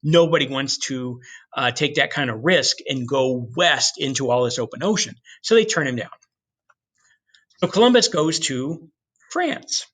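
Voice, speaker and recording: A man giving a history lecture in an animated storytelling way, with casual asides to the class. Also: medium pitch, a little slow. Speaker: history teacher.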